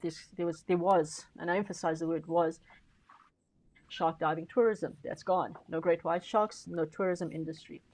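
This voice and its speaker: A woman on a conference panel talks in a fairly low voice, pressing her argument with emphasis. She repeats words to drive points home and often stops and restarts mid-sentence. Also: steady tone, moderate pace, darkish tone, rough recording. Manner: frequent fillers and restarts.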